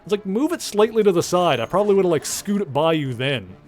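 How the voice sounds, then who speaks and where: Male streamer, casual rambling game commentary, casual swearing, slightly higher voice, soft music bed. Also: very animated, fairly quick.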